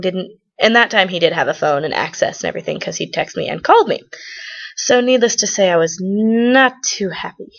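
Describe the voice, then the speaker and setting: A woman's voice: mid-range voice, creaky, lo-fi sound. A teenage girl vlogging, retelling a falling-out with a friend in a rambling, gossipy way. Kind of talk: casual storytelling to camera.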